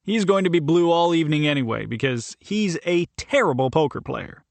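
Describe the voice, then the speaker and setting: Hockey captain, male, upbeat and teasing, played by a man reading an audiobook, pitched up, a bit louder. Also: expressive, fairly quick, creaky, dry recording. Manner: playful, needling.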